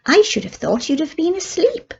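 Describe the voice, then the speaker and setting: A woman's voice: very high-pitched, sing-song, moderate pace, gravelly, a little mellow, lo-fi sound, voice pushed up, exaggerated voice. An older woman reading aloud, voicing a curious young girl with lilting, wondering questions. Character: curious young girl Daisy, bright and chatty.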